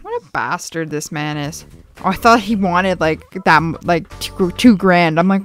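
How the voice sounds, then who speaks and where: A woman's voice: fairly low pitch, normal speed. A young woman giving casual, jokey gameplay commentary, chatty and sprinkled with swearing. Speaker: let's play streamer.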